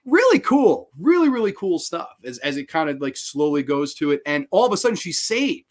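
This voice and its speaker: A man hosting a horror film review show, talking casually in an excitable, profane way. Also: fairly high pitch, a little fast.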